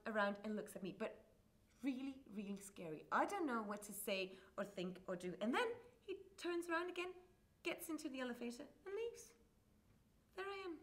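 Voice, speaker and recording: A woman's voice: a little high, lightly acted. An actress playing a flamboyant single woman who dramatically recounts a disastrous date on stage, swearing freely. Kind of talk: live stage comedy storytelling.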